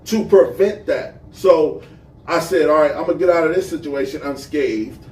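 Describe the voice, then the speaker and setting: A man co-hosting a casual podcast chat, telling stories in an animated way and swearing freely. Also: fairly high pitch, normal speed, distant mic. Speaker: podcast co-host. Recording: roomy echo, off-mic, faint hiss.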